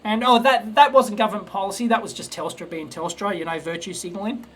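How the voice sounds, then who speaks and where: Fast and steady in tone, his high-pitched, fairly bright voice carries a casual live stream where the Australian man solders and talks. The electronics host rambles bluntly, often restarting and stammering over repeats.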